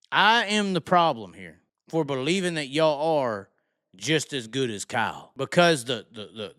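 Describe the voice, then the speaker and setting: A man with a Southern US accent launches into a heated, profanity-laced rant about racing drivers. His voice sits a touch high and comes across smooth and clean. The sound is dry and close, with no room around it. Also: a bit bright, no room sound. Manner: heated, blunt, heavy swearing. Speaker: racing commentator.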